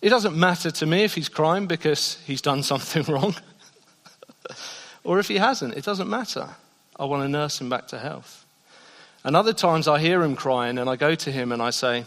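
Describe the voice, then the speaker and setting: A man preaching a sermon in a church, shifting between soft, hushed passages and loud, emphatic ones. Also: fairly high pitch, moderate pace. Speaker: pastor. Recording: long reverb of a church hall.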